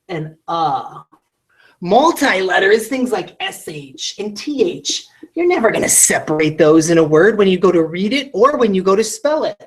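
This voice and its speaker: A woman teaching a recorded phonics lesson to children. She talks straight to the student with quick questions and sounds out each word slowly, syllable by syllable. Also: on the low side, breathy edge.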